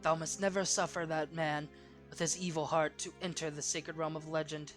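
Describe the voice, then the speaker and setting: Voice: medium pitch, flat delivery, moderate pace, fairly bright tone, soft background music, lightly acted. A let's player voicing a solemn, dying ancient male tree spirit in a game, in formal archaic speech. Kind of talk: let's play character reading.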